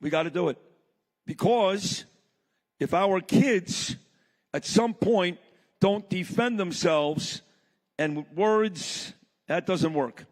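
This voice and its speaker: A man's voice: sits high, slow, pauses often. A man giving a blunt, impassioned speech to a live audience, telling a story from the stage. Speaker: summit speaker. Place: large hall. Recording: long reverb of a large hall.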